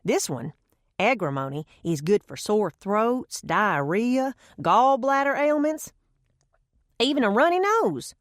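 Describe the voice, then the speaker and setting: A woman's voice: fairly high pitch, animated, takes it slowly, dry recording, voice pushed up. A woman voicing a folksy old grandmother who swears by herbal remedies, with homespun phrasing, in a dry close recording. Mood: insistent.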